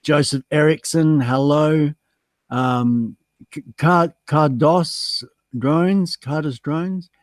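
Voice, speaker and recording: A man's voice: fairly high pitch, slow, dry recording. An Australian man hosting a casual livestream chat, reading out the chat and joking about being stood up, with lots of ums and uhs. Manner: chatty, self-mocking, reads chat aloud with many ums. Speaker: livestream guest host.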